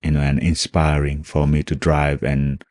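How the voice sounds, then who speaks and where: A middle-aged man from Nepal with a Nepali accent, a guest in an interview, speaking earnest, halting English full of "you know" fillers. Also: a bass voice, little pitch movement, darkish tone, no room sound. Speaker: guest, former special forces soldier. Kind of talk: reflective interview answers.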